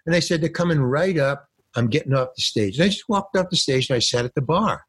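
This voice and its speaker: This older man, known as an actor and stand-up comedian, speeds through his anecdotes with hardly any pauses, performing each character's voice with animation. The fairly high, slightly rough voice comes through a phone or remote call, with no room sound, in a casual interview.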